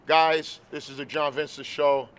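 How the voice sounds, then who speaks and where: A male show host speaking warmly and heartfelt to his guest, outdoors at a stadium. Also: a little high, flat delivery, a little slow, clear, resonant tone. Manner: effusive and heartfelt. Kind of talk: casual interview chat.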